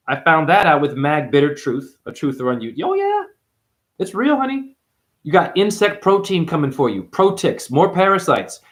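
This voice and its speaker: A man hosting a numerology video, ranting to camera in a confrontational, preachy way and calling viewers honey. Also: mid-range voice. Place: apartment.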